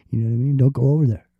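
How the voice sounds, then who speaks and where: A man's voice: medium pitch, mellow, breathy edge, no echo. A man hosting a casual talk show, rambling and swearing freely, with lots of fillers and restarts. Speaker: podcast host. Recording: dull lo-fi sound.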